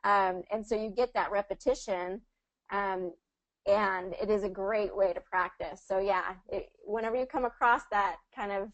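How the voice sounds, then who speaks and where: A woman's voice: mid-range voice, low-quality recording. Female pronunciation coach on a video call, patient and encouraging. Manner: patient, encouraging, models phrases slowly. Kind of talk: one-on-one online pronunciation lesson.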